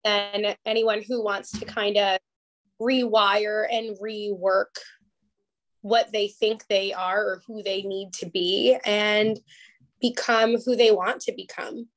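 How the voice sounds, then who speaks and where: A woman's voice: medium pitch, steady tone, slow pace. A woman, a life coach guest on an interview podcast, telling her story in a candid, emphatic and emotional way, close to tears at times.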